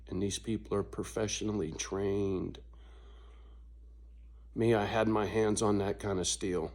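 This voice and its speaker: A man ranting in a casual vlog monologue, swearing constantly and laughing between his points, with sudden high-pitched outbursts. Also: a little mellow. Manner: slow, drawn-out delivery with big pitch swings. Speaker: vlogger.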